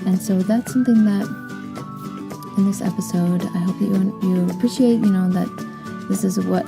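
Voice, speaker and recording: A woman's voice: mid-range voice, fairly even intonation, normal speed, vocal fry, music in the background. A woman in her thirties hosting a podcast, chatting casually with a giggly, restarting way of talking. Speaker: podcast host.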